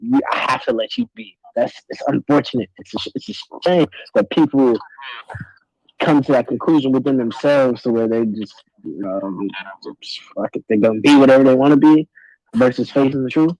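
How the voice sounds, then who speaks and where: A man's voice: medium pitch, a little fast, darkish tone, no room sound, dull audio. A man chatting as a podcast guest, laid-back and slangy. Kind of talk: casual chat.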